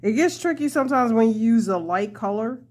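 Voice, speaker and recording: A woman's voice: fairly high pitch, lively intonation, fairly quick, darkish tone. A young woman hosting a casual crochet tutorial, chatty and laughing often as she talks to her viewers.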